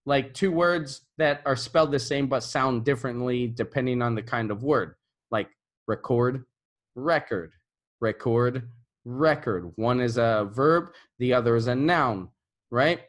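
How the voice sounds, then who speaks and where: An English teacher offers teaching tips to the camera at a medium pitch and moderate pace, relaxed and conversational. He frequently checks in with "right?" and models intonation by repeating example phrases.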